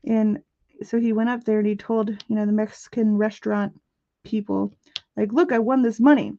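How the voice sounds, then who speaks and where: A woman hosting a casual craft live stream, telling stories in an animated way and chatting back to viewer messages. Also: mid-range voice, creaky. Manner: animated storytelling, quick asides to chat messages. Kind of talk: casual chat. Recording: muffled lo-fi audio.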